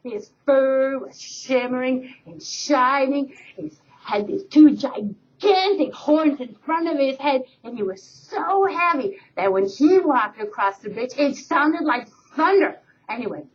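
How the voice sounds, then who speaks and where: Teacher, woman, high voice, lively class storyteller, dull webcam sound. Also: a little slow.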